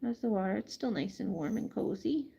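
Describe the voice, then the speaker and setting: A woman gently talking baby talk to her hen while bathing it, cooing and making little beeping noises. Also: mid-range voice, expressive, brisk, gravelly, breathy edge, dull audio. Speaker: backyard farmer caring for a hen. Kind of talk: casual talk to an animal.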